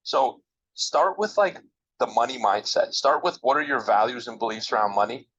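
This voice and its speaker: A man's voice: medium pitch, expressive, moderate pace, a bit bright, husky, lo-fi sound. A man interviewed as a guest trader, giving emphatic, motivational advice straight to the listeners. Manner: emphatic, coaching, direct address to listeners.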